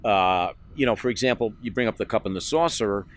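A man's voice: fairly low pitch, a little fast. A man answering interview questions about his work in a reflective way, with fillers. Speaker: puppeteer interviewed.

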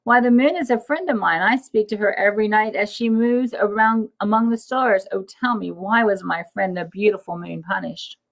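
A woman's voice: medium pitch, moderate pace, gravelly, hardly any pauses, pitched above the performer's own voice, lightly acted. A woman voicing a kindly mountain peak who asks eager questions. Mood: curious.

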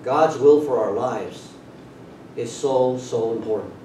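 Echoey, far-off man preaching slowly. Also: mellow. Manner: unhurried preaching with drawn-out emphasis. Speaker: pastor. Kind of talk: sermon. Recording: very echoey room, voice from far off, faint rumble.

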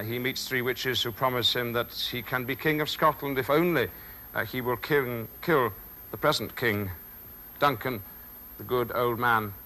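Forceful, measured male stage actor. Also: medium pitch, a little hiss or hum. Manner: measured, reflective, with thoughtful pauses. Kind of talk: talk on performing Shakespeare.

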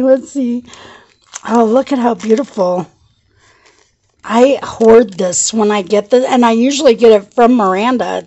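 A woman chatting through a casual craft show-and-tell vlog, gushing and excitable, laughing often and shaky with excitement. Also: fairly high pitch. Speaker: craft vlogger.

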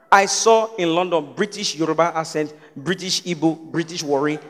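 A man with a Nigerian accent doing lively stand-up comedy on a live stage, acting out characters. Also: sits high, moderate pace, a little hiss or hum. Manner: animated, acts out characters. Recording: stage mic in a reverberant hall.

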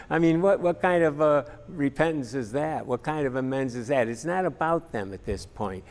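A man's voice: on the high side, lively intonation, moderate pace, long reverb tail. A man teaching a practical church class in an earnest, plainspoken way, with frequent fillers. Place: church meeting room.

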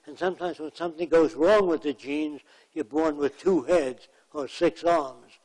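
A man's voice: a little high, moderate pace, darkish tone, poor audio. Plainspoken man telling stories in a lecture. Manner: anecdotal, plainspoken, acts out quotes. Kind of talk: storytelling lecture.

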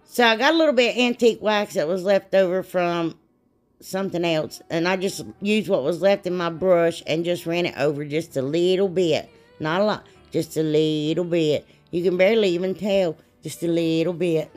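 A woman's voice: lowish voice, moderate pace, darkish tone, soft background music. Chatty woman narrating crafts. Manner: chatty, rambling, laughs at herself. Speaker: DIY craft vlogger. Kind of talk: casual voice-over narration of crafting.

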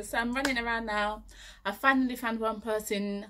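A young woman from Nigeria telling a lively story, acting out her own panicked lines and laughing often. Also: on the high side, normal speed, a little hiss or hum. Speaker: vlogger. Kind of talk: animated storytelling.

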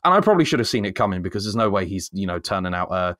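Man, podcast co-host, casual rant, low-pitched, dry close mic. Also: racing, no room sound. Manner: animated ranting, rising high when excited. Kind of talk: casual chat.

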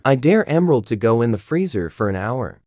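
Very deep-voiced woman reading dares. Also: sing-song, a little fast, darkish tone, a little hiss or hum. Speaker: dare reader.

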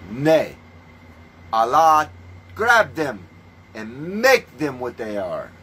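A man preaching in a ranting monologue, scornful and full of swearing, moving between calm teaching and loud outbursts. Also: mid-range voice, drawn-out words, breathy edge, rough recording. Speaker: self-styled religious preacher.

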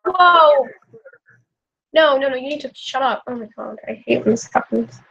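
A woman's voice: high-pitched, normal speed, gravelly, fairly bright tone. A young woman live-streaming while she draws, sick and coughing, rambling casually with lots of filler words. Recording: muffled lo-fi stream audio.

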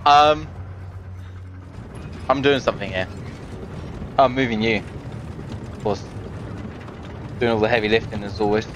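A man playing a co-op game and chatting casually, quick to laugh and protest. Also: on the low side, background noise. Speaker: co-op game player. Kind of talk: casual gaming chat. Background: game music and sounds.

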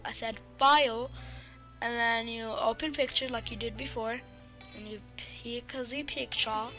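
Casting: female tutorial host, slightly high voice, loose rambling delivery, talks to the screen, music under the voice. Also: steady tone, unhurried, bright, forceful tone. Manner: rambling, chatty, full of fillers, talks back to pictures. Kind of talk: casual screen-recording tutorial. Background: background music.

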